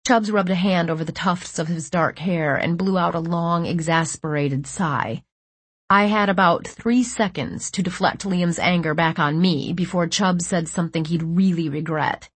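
A woman reading first-person fiction aloud, with tense and measured storytelling. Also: lowish voice, slightly rough, no room sound. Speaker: audiobook narrator.

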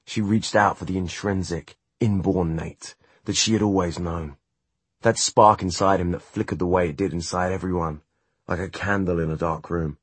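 Husky low-voiced male narrator. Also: steady tone, normal speed, no echo. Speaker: audiobook narrator. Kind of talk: scripted narration.

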